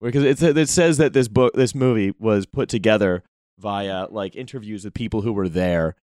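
A man's voice: on the low side, moderate pace, darkish tone, dry recording, studio quality. A man co-hosting a casual podcast chat, rambling with many restarts and casual swearing. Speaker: podcast co-host.

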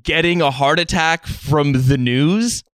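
A man's voice: fairly high pitch, slow, fairly bright tone, clear, resonant tone, no room sound. A man co-hosting a podcast in casual chat, rambling and laughing often as he restarts sentences. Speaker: podcast co-host. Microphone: remote podcast recording.

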